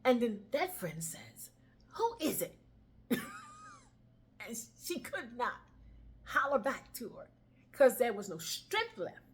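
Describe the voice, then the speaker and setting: A woman's voice: on the high side, takes it slowly, long pauses, slightly rough. A woman telling a dramatic story aloud, acting out the dialogue and dropping into whispers. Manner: expressive, acts out dialogue, drops to whispers.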